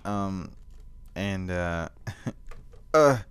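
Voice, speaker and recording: A teenage boy with a very deep voice talks slowly through a casual gaming commentary. He has the hiccups, and he groans and complains as he plays. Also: animated, fairly bright tone, clear, resonant tone. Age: teens. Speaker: gaming channel host.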